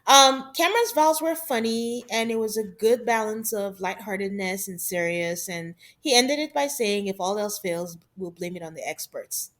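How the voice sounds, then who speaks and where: A woman's voice: mid-range voice, moderate pace, hardly any pauses, fairly bright tone. A woman co-hosting a podcast, chatting casually through a reality-show recap and laughing often. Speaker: podcast co-host.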